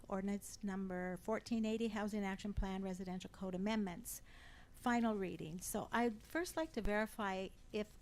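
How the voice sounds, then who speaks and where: Deliberate, pointed woman commenter. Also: mid-range voice, a little mellow, poor audio. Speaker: public commenter. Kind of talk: public comment at a council meeting.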